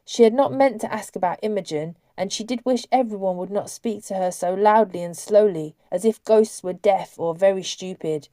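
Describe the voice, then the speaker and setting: Woman, audiobook narration, steady, expressive, medium pitch, dry close sound. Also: normal speed, few pauses, dry recording.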